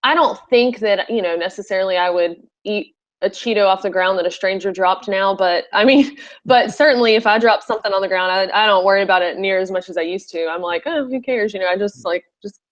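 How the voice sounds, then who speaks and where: A woman's voice: mid-range voice, brisk. A woman hosting a casual interview, chatty, with many fillers and frequent laughter. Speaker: podcast host. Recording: slightly muffled recording.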